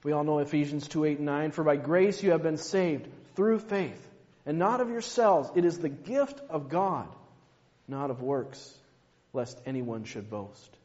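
A man preaching a sermon, slow and emphatic, dropping to a hush on key words. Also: a little high, lively intonation. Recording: muffled, long hall reverb.

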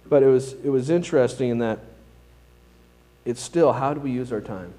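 A man's voice: medium pitch, normal speed, mellow, low-quality recording. A male pastor preaching a sermon in a plain-spoken, self-deprecating storytelling manner.

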